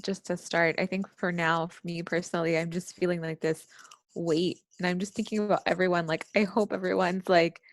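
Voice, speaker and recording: Soft, tentative woman with a low, dry voice. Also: level tone, fairly quick, no room sound. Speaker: workshop participant. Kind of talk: sharing reflections in a group.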